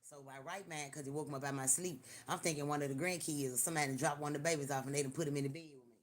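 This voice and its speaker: An older person hosting a live stream, telling stories in an animated, profane way and talking straight to viewers. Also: medium pitch, rapid-fire. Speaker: livestream host. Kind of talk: casual live-stream storytelling.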